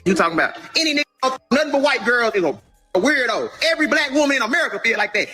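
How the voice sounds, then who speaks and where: A man of about thirty, ranting and taunting aggressively in a clip, sometimes shouting. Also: very high-pitched, expressive, fast, soft background music. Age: around 30. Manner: aggressive, taunting, shouts and half-sings at times. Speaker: rapper in a clip. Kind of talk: trash-talking rant.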